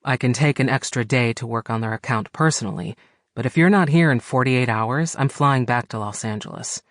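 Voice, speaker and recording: A man's voice: mid-range voice, a bit bright, no echo, studio quality, natural voice. A man narrating an audiobook, voicing a frustrated, businesslike man talking on the phone while riding. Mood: impatient. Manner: brisk, impatient. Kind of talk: audiobook character voice.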